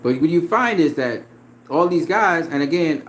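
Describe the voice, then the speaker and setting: A man's voice: a little high, lively intonation, moderate pace, slight background noise. A man in a profane, confrontational casual rant about boxing, laughing often as he talks back at a critic. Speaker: boxing commentator.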